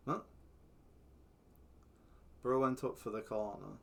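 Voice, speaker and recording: Male streamer, casual and foul-mouthed, reacts loudly to every goal and foul. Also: medium pitch, moderate pace, pauses often. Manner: sweary, excitable, shouts at the game. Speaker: streamer playing a football manager game. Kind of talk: casual gaming commentary.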